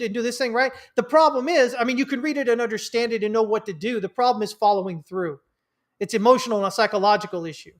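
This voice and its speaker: A man's voice: sits high, a bit bright. A man hosting a casual trading livestream, rambling with lots of fillers and restarts, a bit stuffy from allergies. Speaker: livestream host, trading mentor. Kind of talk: casual livestream market commentary.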